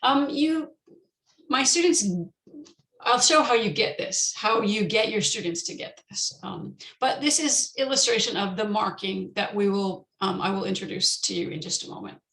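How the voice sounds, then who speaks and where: A woman presenting an online teacher-training lecture, explaining step by step with frequent pauses and slowing down to model example sentences. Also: mid-range voice, lively intonation, gravelly, fairly bright tone, reverberant, rough recording.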